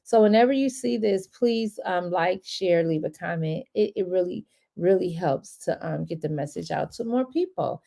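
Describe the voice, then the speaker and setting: A woman's voice: lowish voice, moderate pace, creaky, few pauses, mellow. A woman wealth and credit coach in a casual, rambling live-stream chat, chatty and encouraging toward her viewers.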